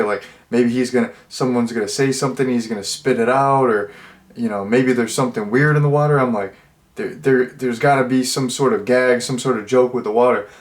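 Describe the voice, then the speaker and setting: A young man casually recapping and reviewing a comedy film, rambling with lots of fillers and restarts. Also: mid-range voice. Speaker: movie reviewer. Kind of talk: casual spoken movie review.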